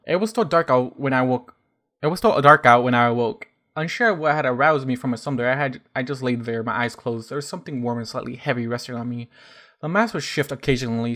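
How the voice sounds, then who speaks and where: A man's voice: mid-range voice, fairly bright tone. A man reading a first-person fan fiction story aloud, often stumbling and correcting himself. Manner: stumbling restarts and self-corrections.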